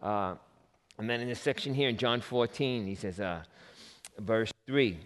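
A man's voice: lowish voice, measured pace. A man preaching a sermon who jokes with his listeners and acts out the voices of the people in his story. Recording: long reverb of a hall.

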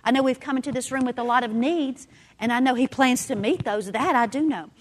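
A woman's voice: high voice, brisk, slight background noise. A woman, a women's ministry speaker, giving a sermon in a meeting room and telling stories while acting out the dialogue. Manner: animated storyteller, acts out dialogue. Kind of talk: sermon with personal storytelling. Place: indoor meeting room with audience.

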